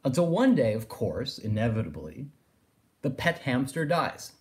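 A man's voice: mid-range voice, big pitch swings, a little slow. A man giving a philosophy lecture, thinking aloud and circling his points with phrases like "in a sense". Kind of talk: recorded lecture.

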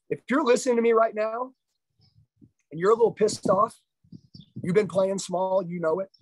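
A man's voice: fairly high pitch, husky, no room sound, low-quality recording. A middle-aged man giving a live motivational sales training, intense, confrontational and profane.

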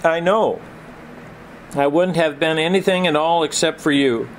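A man's voice: on the high side, a little slow, a little hiss or hum. A man voicing a proud, commanding older brother who talks in a firm, folksy way. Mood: earnest.

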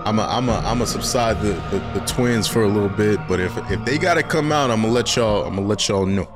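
A young man hosting a casual horror game let's play, talking in loose slang and getting jumpy and excitable when startled. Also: lowish voice, a little fast, music in the background. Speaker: gaming channel host.

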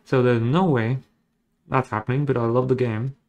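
A man's voice: mid-range voice, fairly even intonation, normal speed, darkish tone. A man chatting casually as he draws digitally, rambling along with jokes and self-deprecating asides. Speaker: digital artist. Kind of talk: casual commentary while drawing.

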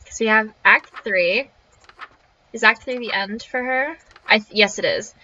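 A woman's voice: medium pitch, measured pace, pushed and bright, slight background noise. A young woman streaming a game, reading its text aloud and reacting with jittery, swearing commentary. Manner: swears freely, jittery and easily spooked. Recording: crunchy lo-fi audio.

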